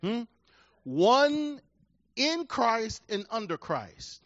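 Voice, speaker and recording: A male pastor delivering a sermon, repeating his key phrases and swinging from quiet, measured lines to loud, emphatic ones. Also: a little high, expressive, no echo, dull audio.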